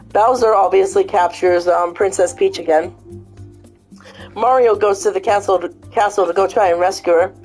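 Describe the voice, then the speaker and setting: A woman hosting a casual vlog, cursing freely as she tells an animated story. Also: medium pitch. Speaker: vlog host. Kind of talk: casual chat and retelling.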